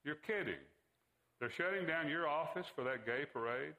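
A man's voice: on the high side, lively intonation, moderate pace, bright, forceful tone, voice pushed up, low-quality recording. A man voicing a middle-aged father who defends his views with bluster in a read-aloud story. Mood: defensive.

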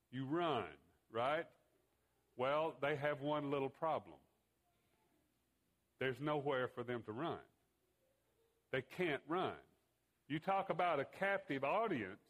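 A man preaching a sermon, telling a story with pauses and fillers. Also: a little high, a bit bright, poor audio.

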